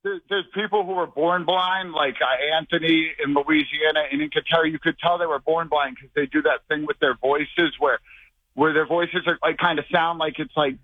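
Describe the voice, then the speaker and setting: Breathless, rambling caller with a Boston accent. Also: male voice, a little high, fairly even intonation, moderate pace, no echo. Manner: rambling, restless, talks over the host. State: slightly out of breath. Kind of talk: phone call to a talk show. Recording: tinny phone line.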